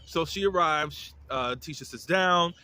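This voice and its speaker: A man's voice: a little high, a little slow, bright, forceful tone, clean tone, dry recording. A man giving a casual, opinionated recap of a TV episode, with lots of fillers and restarts. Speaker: reality TV reviewer.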